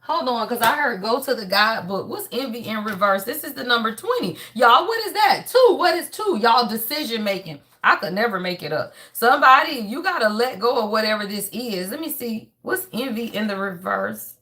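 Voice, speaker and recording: Woman, high voice, casual tarot reader, preachy and blunt with a salty mouth. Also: expressive, normal speed, hardly any pauses, sharp tone. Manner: emphatic, preachy, peppers every phrase with "y'all"; blunt and swears freely. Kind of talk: casual spiritual reading.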